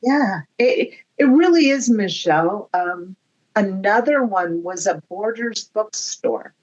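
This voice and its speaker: Woman guest on a chat show, slow easygoing storyteller, kinda muffled dull recording. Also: medium pitch. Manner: animated anecdotes, acts out dialogue. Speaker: guest medium.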